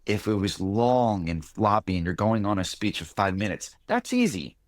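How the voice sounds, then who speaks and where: Low-voiced man making emphatic points. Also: no echo, studio quality. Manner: emphatic, slows down to stress points. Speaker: podcast co-host. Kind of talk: casual podcast chat.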